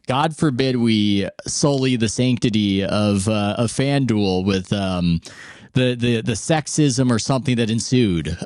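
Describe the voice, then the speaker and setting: Guy hosting a sports podcast, rambles n restarts, mid pitch, dry close mic. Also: a little mellow, no room sound. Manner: rambling, conversational, self-interrupting. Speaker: podcast host. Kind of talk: casual sports chat.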